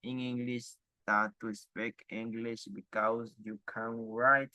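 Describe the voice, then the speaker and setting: Slow, halting man reading aloud. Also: medium pitch, level tone, pushed and bright, no echo, lo-fi sound. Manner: halting, stumbling reading with restarts. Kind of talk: reading a text aloud for an exam.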